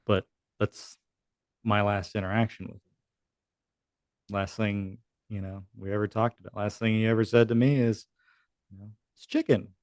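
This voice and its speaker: A veteran in his thirties tells a casual, profanity-laced war story as a podcast guest, acting out the lines he quotes. His fairly low voice holds a level tone at normal speed with long pauses. The studio-quality sound has no echo.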